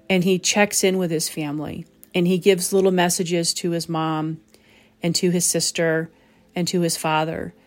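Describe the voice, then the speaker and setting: A woman hosting a reflective spoken talk as a medium, gentle and pausing to search for the right words. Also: on the low side. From southern New England. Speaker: psychic medium, host.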